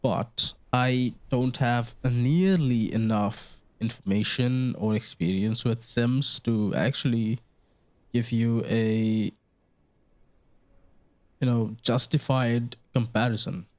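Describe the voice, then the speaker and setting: A medium-pitched young male gaming creator from India, roughly eighteen, drifts slowly through offhand gameplay chatter. The desk-mic audio sounds dull, and his joking, meandering talk leans on frequent fillers with some swearing thrown in.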